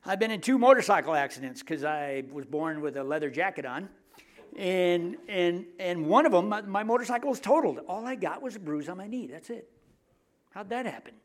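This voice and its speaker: A middle-aged man preaching a sermon in a conversational, joking way, often dropping his voice to hushed asides. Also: high-pitched, expressive, fairly quick. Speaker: pastor.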